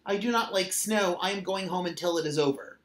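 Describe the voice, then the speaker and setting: A man's voice: high voice, brisk, fairly bright tone. A man voicing a friendly, cheerful male raccoon in a storybook reading. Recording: roomy echo.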